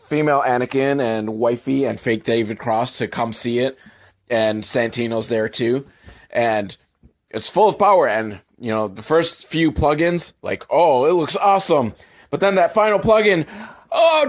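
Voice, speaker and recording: A man giving a crude, sarcastic comedic recap of a movie, swearing freely and jumping up in pitch for emphasis. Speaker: movie commentator.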